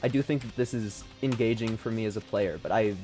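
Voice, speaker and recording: A man's voice: on the low side, fairly quick, mellow, faint music behind. A man streaming a video game from home, giving rambling, self-deprecating, sweary commentary. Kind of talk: casual gaming commentary.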